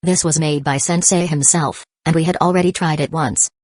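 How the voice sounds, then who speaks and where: A woman voicing a calm, self-assured nine-year-old boy ninja in an audiobook. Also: sits low, normal speed, no room sound, clean studio sound. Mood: steady.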